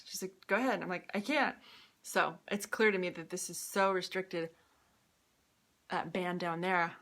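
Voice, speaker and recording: A woman chatting casually on a live video as she demonstrates her own exercises, upbeat and quick to laugh. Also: lowish voice, fairly bright tone. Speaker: vlogger sharing her own experience. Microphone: phone or camera close up.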